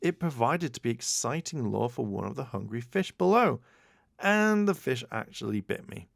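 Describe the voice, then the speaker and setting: A man's voice: mid-range voice, very animated, normal speed, creaky, no echo, studio quality. A man voicing a timid, nerdy teenage boy in a storybook reading, with fussy wording.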